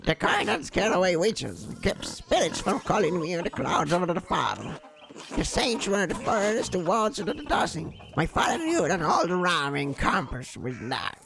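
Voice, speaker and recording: A man voicing a gruff, superstitious old male villager with a gravelly voice. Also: high voice, very animated, normal speed, background noise, pitched above the performer's own voice, exaggerated voice. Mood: conspiratorial.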